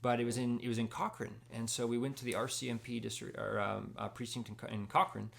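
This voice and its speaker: Young man, mid-pitched with some vocal fry, relaxed storyteller sharing his faith testimony. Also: fast talker. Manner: storytelling, acts out dialogue, laughs at himself. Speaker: Christian speaker sharing testimony. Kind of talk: casual spoken testimony.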